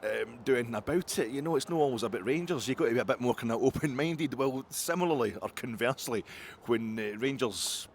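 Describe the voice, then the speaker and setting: A middle-aged Scottish man hosting a fan's post-match reaction, rambling excitably between muttered asides and loud outbursts. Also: mid-range voice, brisk, creaky, slight background noise. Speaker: football podcast host.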